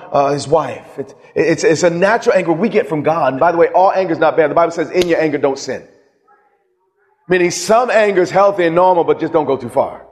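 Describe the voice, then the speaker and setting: A middle-aged man preaching a sermon with passion, moving from loud outbursts to hushed, slow moments. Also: a little high. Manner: impassioned, swings from loud to hushed. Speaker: pastor. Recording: long reverb of a large hall.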